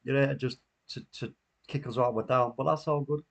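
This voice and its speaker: A man's voice: mid-range voice, steady tone, fairly quick, vocal fry. A man hosting a live football watchalong, chatting casually, laughing often and reading out viewer comments. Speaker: watchalong host. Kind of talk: casual live stream chat.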